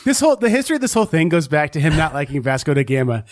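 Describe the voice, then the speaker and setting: A man's voice: fairly high pitch, big pitch swings, very fast. A man co-hosting a board game podcast in casual chat, rambling and hedging with a self-deprecating tone. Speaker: podcast co-host.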